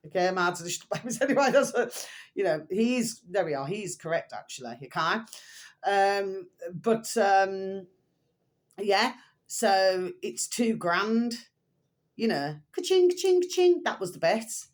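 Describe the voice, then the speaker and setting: A woman's voice: mid-range voice, measured pace. Rambling woman, older, chatty. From England. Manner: chatty, meandering, fond pet phrases for viewers. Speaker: vlogger. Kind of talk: rambling casual monologue to viewers.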